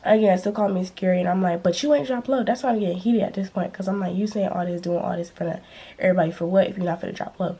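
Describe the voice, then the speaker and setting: Young woman vlogger, mellow husky voice, lively slangy storytelling. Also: on the low side, fast. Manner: animated, slangy storytelling, acting out quotes. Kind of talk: storytime vlog.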